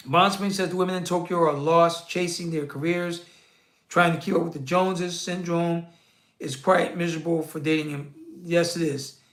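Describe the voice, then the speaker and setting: A man's voice: sits high, reverberant. A man hosting a casual livestream, reading viewer comments aloud and answering in a loose, slangy way with frequent laughs. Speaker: livestream host reading chat.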